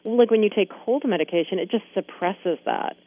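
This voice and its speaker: A woman's voice: mid-range voice, fairly quick. Easygoing woman on a dull lo-fi recording. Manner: easygoing, agreeable, uses lots of fillers. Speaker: podcast co-host. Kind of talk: casual conversation.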